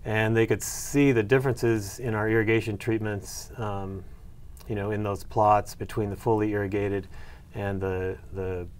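A man's voice: lowish voice, level tone, moderate pace, darkish tone, smooth. A middle-aged man answering interview questions about his research, hesitant with many fillers and restarts. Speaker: soybean breeder and agronomy professor.

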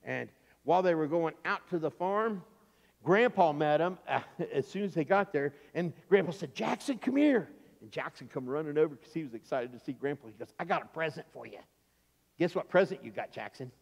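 A man preaching a children's sermon with a lively, storytelling manner, slipping into the voices of the people in the story. His voice sits high for a man. The sound carries the long reverb of a church sanctuary. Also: brisk, gravelly. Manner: animated, playful, acts out the story's voices. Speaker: pastor.

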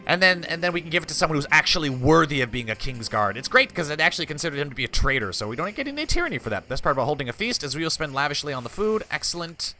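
A man's voice: a little high, sing-song, quick pace, pushed and bright, faint music behind. A man hosting a let's play, reading game text aloud in a mock-regal tone between wry, offhand asides. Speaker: gaming channel host.

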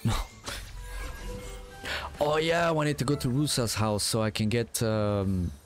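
A man's voice: mid-range voice, animated, normal speed, faint music behind. A sleepy, yawning man streaming a game, rambling to himself in casual gameplay commentary. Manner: rambling, talks to himself while playing. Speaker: gaming streamer.

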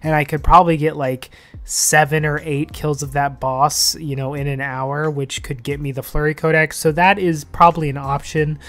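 A man's voice: fairly high pitch, level tone, normal speed, fairly bright tone, soft background music. A man hosting a gaming vlog in a loose, chatty way, full of fillers, speaking into a desk microphone. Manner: chatty, loose, heavy on "like" and "you know". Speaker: gaming channel host. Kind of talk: casual game commentary vlog.

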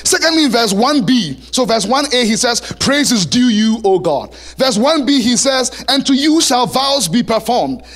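A male pastor preaching a sermon in a church, animated and lively, now and then singing a line. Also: very high voice, normal speed, few pauses. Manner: animated preaching, sings song lyrics and plays voices.

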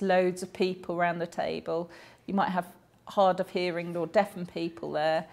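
A woman's voice: mid-range voice, darkish tone. Chatty woman telling anecdotes. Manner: chatty, anecdotal storytelling with small self-corrections.

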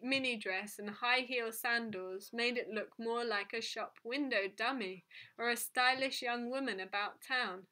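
A woman reading a children's book aloud in a gentle, unhurried way, now and then correcting herself. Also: fairly high pitch. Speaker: storyteller.

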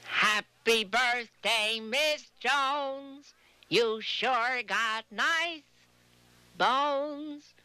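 A shy caller who cant think what to say, slow and stammery, bright voice. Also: female voice, mid-range voice, sing-song, no echo, heavily acted. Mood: flustered. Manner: hesitant, stammering. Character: shy young caller stuck for words.

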